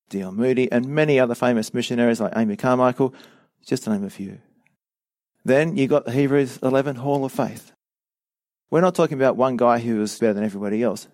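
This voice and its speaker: A middle-aged man preaching a sermon as a pastor, earnest and measured, with a touch of dry sarcasm. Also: medium pitch, a little mellow, dry recording.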